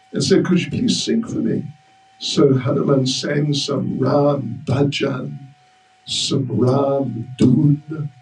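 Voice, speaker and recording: A man's voice: medium pitch, darkish tone. A man giving a storytelling religious class in a temple hall, joking with the audience. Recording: roomy hall, mic far off.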